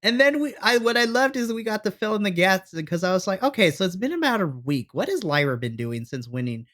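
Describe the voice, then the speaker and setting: A man co-hosting a podcast chats casually and animatedly about a wrestling show, acting out his own reactions. His voice is high-pitched and sing-song, fairly quick, with a bit of brightness.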